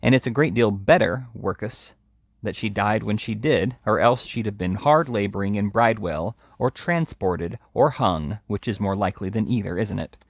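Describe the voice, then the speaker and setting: A taunting charity boy full of mock pity, as a man reading aloud puts him on. The voice rides high above the reader's own and sneers at every turn. The sound is close and dry. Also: moderate pace, no room sound. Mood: sneering. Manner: sneering, mocking; shrill yelling when scared. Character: jeering cowardly charity boy.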